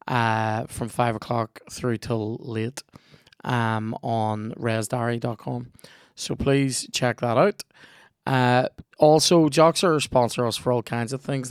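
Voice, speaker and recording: A young Northern Irish man hosts a podcast in a cheeky, rambling way, with plenty of swearing. His voice is smooth and resonant. The sound is dry and close. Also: mid-range voice, dry recording. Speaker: podcast host. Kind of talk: casual podcast chat and ad read.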